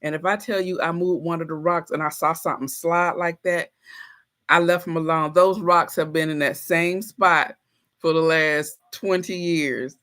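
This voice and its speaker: Livestream host, woman, bright tone, lively storyteller who talks straight to her viewers. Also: low voice, moderate pace. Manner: animated, playful storytelling with frequent laughter. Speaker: livestream host reading chat. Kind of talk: casual livestream chat.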